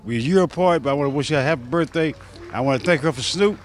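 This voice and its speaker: An older man recording a relaxed, chatty birthday greeting for an old friend. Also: fairly high pitch, rapid-fire, slight background noise. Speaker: well-wisher.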